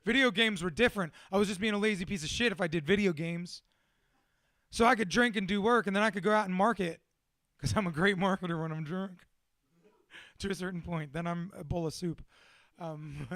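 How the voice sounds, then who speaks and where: A man's voice: sits high, normal speed, a bit bright, no room sound. A man giving a candid, profane and self-deprecating personal talk to a small audience, laughing often as he speaks. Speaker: motivational speaker.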